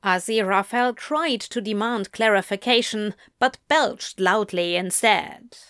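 A woman reading a story aloud in an expressive, measured way. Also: mid-range voice, clear, resonant tone, no room sound, clean studio sound. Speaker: reader.

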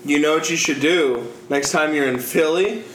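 Brief: young male co-host, hype and excitable, echoey room with a faint hiss. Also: a little high, normal speed. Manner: excitable, hype, talks in bursts. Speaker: podcast co-host. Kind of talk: casual sports betting chat. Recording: echoey room with background noise.

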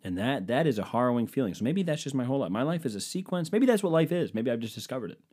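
Animated young man rambling into a podcast mic. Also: mid-range voice, rapid-fire, slightly rough. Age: 20s. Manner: rambling, self-mocking storytelling with swearing. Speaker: podcast host. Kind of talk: casual comedic monologue. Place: indoors at home. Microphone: microphone hooked up to a computer.

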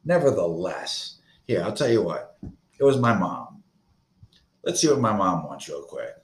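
Deep-voiced guy ranting on his podcast, swears a lot, echoey room. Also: big pitch swings, measured pace. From Florida. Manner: profane, rambling, agitated. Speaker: podcast host. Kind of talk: casual solo podcast rant.

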